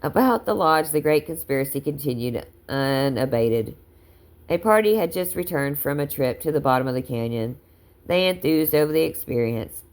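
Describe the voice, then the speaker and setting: A woman reading a book aloud in an unhurried way, now and then stumbling and correcting herself. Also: deep voice, animated, a little mellow. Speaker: audiobook reader.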